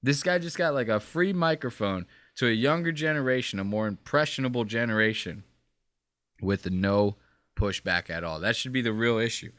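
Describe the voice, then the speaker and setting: A man's voice: mid-range voice, moderate pace, fairly bright tone, no room sound. A man co-hosting a casual podcast, ranting with swearing and mock quotes, of Puerto Rican background. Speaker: podcast co-host.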